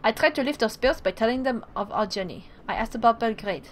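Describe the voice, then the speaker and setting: A woman's voice: a little high, fast talker, slight background noise. A woman streamer reading the story text of a game aloud, with chatty asides in between. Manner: reads narration, then breaks off into excited asides. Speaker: let's play streamer.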